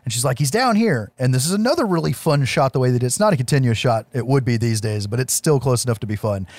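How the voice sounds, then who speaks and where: A man co-hosting a casual podcast, retelling a movie scene by scene with lively, laughing energy and some swearing. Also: medium pitch, quick pace, no echo. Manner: animated storytelling, acts out quotes with laughs, swears. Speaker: podcast co-host. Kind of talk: casual film recap chat.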